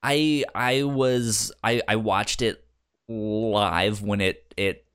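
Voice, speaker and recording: A man's voice: on the low side, steady tone, a bit bright, clean tone. A man co-hosting a casual podcast chat, stumbling through restarts and fillers, with the hiccups. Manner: halting, many restarts and fillers. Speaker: podcast co-host.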